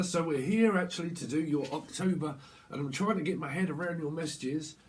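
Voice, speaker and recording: A man's voice: a little high, slight background noise. A man reading tarot in a casual vlog, rambling and repeating words as he goes, while he has a cold. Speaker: tarot reader.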